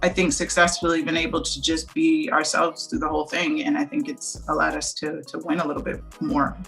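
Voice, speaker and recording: Candid woman with a gravelly voice. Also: low-pitched, a little fast, soft background music, low-quality recording. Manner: candid, animated storytelling. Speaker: brewery co-founder. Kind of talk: casual interview.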